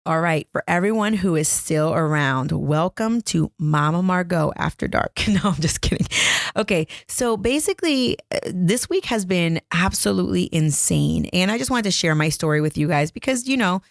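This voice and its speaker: Low, gravelly woman podcaster. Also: animated, normal speed, dry recording, studio quality. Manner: chatty, self-mocking, laughs often. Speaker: podcast host. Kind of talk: casual storytelling. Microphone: close podcast mic.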